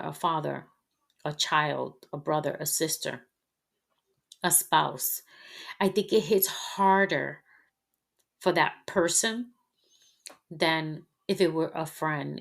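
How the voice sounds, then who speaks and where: A woman hosting a podcast, speaking in a personal, reflective monologue that is candid, heartfelt, halting and unhurried. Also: low voice, creaky, fairly bright tone. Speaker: podcast host.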